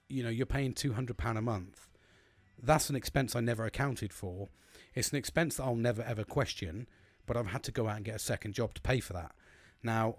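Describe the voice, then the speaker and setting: British guy ranting to camera, mid-low voice, sweary and blunt, dry close sound. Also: dry recording. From United Kingdom. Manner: blunt, sweary and rambling, with frequent restarts; gets emphatic and preachy when giving advice. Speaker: vlogger. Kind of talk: candid personal monologue.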